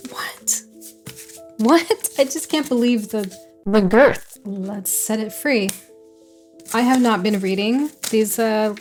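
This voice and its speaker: Giggly young woman rambling through a book box unboxing, soft music under her voice. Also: mid-range voice. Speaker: book vlogger. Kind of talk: casual unboxing chat.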